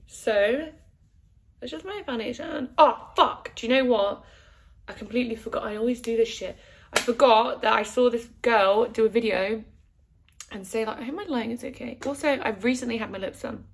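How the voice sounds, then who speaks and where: A young woman chatting through a makeup tutorial at home, swearing a lot and joking as she goes, recorded on her phone. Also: fairly high pitch. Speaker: beauty vlogger. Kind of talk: casual makeup tutorial chat. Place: at home, sitting by a window. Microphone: phone camera with a mirror behind it.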